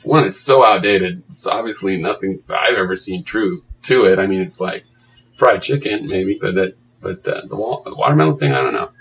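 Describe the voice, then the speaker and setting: A man's voice: on the low side, moderate pace, vocal fry, a bit bright, a little hiss or hum, poor audio. A man reading blog comments aloud and mocking them in a sarcastic, profane running commentary.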